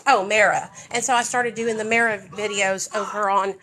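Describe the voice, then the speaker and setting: Speaking at a moderate pace with fairly even intonation, a woman from Arkansas uses a medium-pitched voice that sounds pushed and bright over slight background noise. She's livestreaming casually about addiction recovery, chatting straight to her viewers with frequent "okay?", while kids are close by in a room at home.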